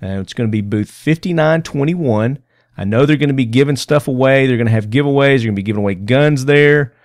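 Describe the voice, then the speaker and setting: A man's voice: mid-range voice, quick pace, dry recording, clean studio sound. A man hosting a podcast, talking loosely and jokily with lots of fillers, recording at a busy convention booth. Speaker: podcast host. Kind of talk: casual podcast chat. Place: convention booth on a show floor.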